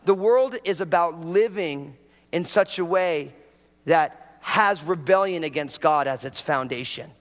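A man's voice: on the high side, unhurried, in a large hall. A man preaching a sermon as pastor, talking casually and drawing the congregation in with prompts and jokes.

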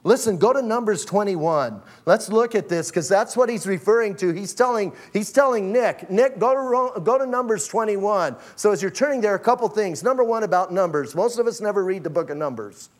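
A man with a fairly high voice preaches a sermon in a loose, conversational way. He acts out the voices he quotes with lively energy and swings between excitement and hushed, quiet moments. He sounds middle-aged. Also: a little fast, hardly any pauses. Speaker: pastor.

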